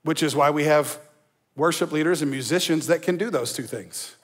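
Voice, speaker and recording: A man's voice: on the high side, moderate pace, husky. A male pastor preaching a sermon in a conversational, emphatic way, with asides to the congregation. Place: church.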